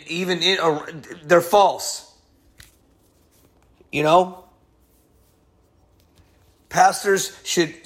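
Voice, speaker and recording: An upset male pastor in full sermon, his voice sitting high for a man. He scolds and hammers each point, jumping between quiet asides and loud, heated outbursts. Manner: heated, scolding, emphatic preaching with sudden swings of loudness. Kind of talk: fiery sermon.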